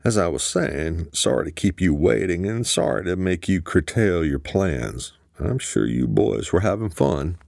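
A man voicing a stern, guarded male colonel who speaks in a calm, measured way in an audiobook. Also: deep voice, creaky, no echo, clean studio sound, heavily acted.

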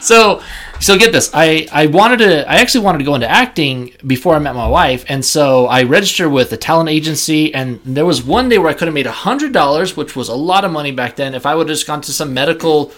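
Bright-voiced young man telling stories. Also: on the high side, animated. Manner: rambling, halting with many restarts. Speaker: podcast guest, comedian. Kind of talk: casual storytelling.

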